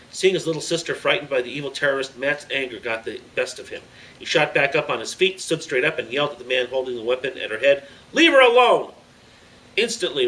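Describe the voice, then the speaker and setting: A man's voice: mid-range voice, sharp tone. A man hosting his own story show, reading a chapter of a children's adventure book aloud dramatically. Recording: slightly distant mic, faint background noise.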